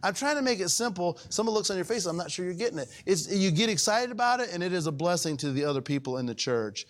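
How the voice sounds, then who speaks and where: A man preaching a conversational sermon as pastor, often asking the congregation if they follow, with his voice swinging between raised and hushed. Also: high voice, animated, fast talker.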